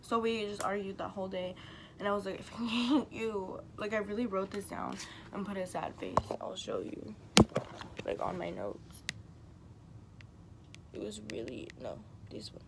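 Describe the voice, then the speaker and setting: A woman's voice: medium pitch, normal speed, creaky, long pauses, noisy background. A young woman vlogger telling a long story in a casual, rambling way, full of filler words and swearing, acting out what people said. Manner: animated, acts out quotes. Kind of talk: storytime vlog.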